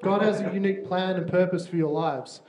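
Upbeat kids' minister, man, slightly high voice, roomy church hall with faint noise. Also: steady tone, a little fast. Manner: upbeat, checks in with frequent "yeah?". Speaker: children's minister. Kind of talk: church talk to parents and children.

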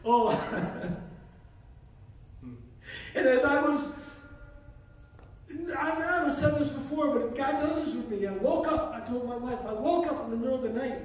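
A man's voice: very high-pitched, brisk. A man preaching a sermon in a church, fervent and repeating phrases for emphasis. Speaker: pastor. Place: church sanctuary. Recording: echoey hall, voice from far off.

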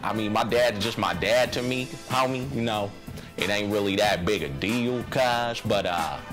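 Man doing chill game gangster, low-ish, slangy. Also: moderate pace, music in the background, lightly acted. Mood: relaxed. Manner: slangy, calls everyone homie. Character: laid-back young male street gangster.

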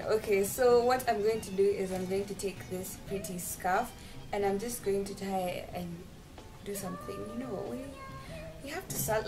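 A woman's voice: medium pitch, moderate pace. Chatty young woman vlogging over music. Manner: chatty, self-mocking, laughs often. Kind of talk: casual vlog chat. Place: home bathroom. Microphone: camera set nearby. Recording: clear background music under the voice. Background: background music.

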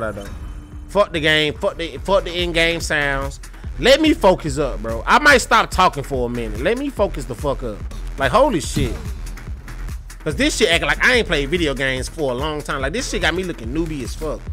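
A young man streaming a fighting game, cursing, trash-talking enemies and venting frustration to chat, with speech. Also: on the high side. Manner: profane, trash-talking and frustrated, with loud outbursts. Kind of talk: gameplay livestream commentary.

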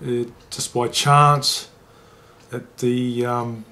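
A man, a former rugby league player telling an emotional story in an interview and getting lively when he quotes others. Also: medium pitch, drawn-out words. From New Zealand.

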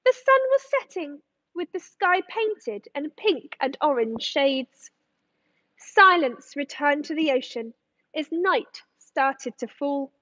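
A woman educator reading a rhyming story aloud to children, in an expressive sing-song manner. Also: high-pitched, takes it slowly, no room sound, muffled recording.

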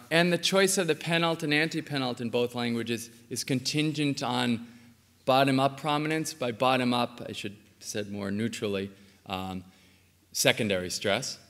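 A man's voice: medium pitch, moderate pace, a bit bright. A man giving an academic conference talk on linguistics, explaining step by step with frequent ums and uhs. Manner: explanatory, frequent ums and uhs, says okay between points. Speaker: linguistics lecturer. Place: lecture hall. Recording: reverberant hall.

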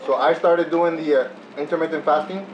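A woman's voice: deep voice, steady tone, a little fast, dull audio. A woman hosting a casual eating video at home, chatting loosely with many fillers and restarts. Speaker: mukbang vlogger host. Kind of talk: casual chat while cooking and eating. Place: home dining table with sizzling grill. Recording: echoey room with sizzling food noise.

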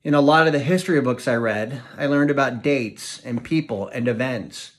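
A man's voice: mid-range voice, moderate pace. A man reading a novel aloud as narrator, storytelling expressively and voicing each character. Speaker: audiobook reader.

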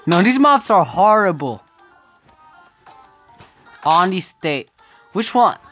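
A woman's voice: fairly low pitch, very animated, slow, a bit bright, soft background music. A woman giving casual gameplay commentary, often exclaiming in frustration and laughing at the game. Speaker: gaming video creator.

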